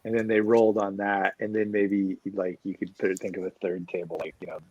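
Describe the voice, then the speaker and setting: Husky man riffing jokes in chat. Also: low-pitched, level tone, fairly quick, darkish tone, no room sound, highs cut off. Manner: jokey, riffs on silly ideas. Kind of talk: casual roundtable chat.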